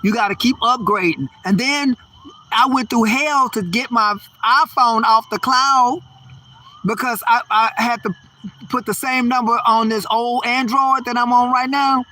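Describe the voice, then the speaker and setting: An older male comedian in a profane, rambling rant. His voice is very high and bright, and he keeps piling up his complaints. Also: measured pace, slight background noise. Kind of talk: stand-up style ranting monologue.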